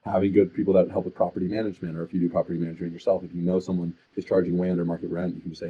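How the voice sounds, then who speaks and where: A man's voice: sits low, level tone, rapid-fire, hardly any pauses, breathy edge, phone-quality sound. A man, a real estate agent, talking with energy in a casual podcast conversation and acting out sales calls.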